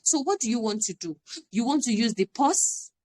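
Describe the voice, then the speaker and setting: A woman's voice: fairly high pitch, animated, normal speed, darkish tone. A woman, giving an earnest, emphatic parenting talk on a live stream and repeating her key phrases. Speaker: parenting coach.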